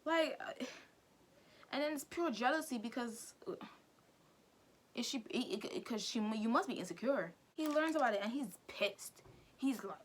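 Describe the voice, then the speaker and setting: Chatty woman recapping with lively energy. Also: fairly high pitch, moderate pace, long pauses. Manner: animated, chatty, acts out characters' lines. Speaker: vlogger recapping an anime. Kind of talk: casual chat while doing makeup.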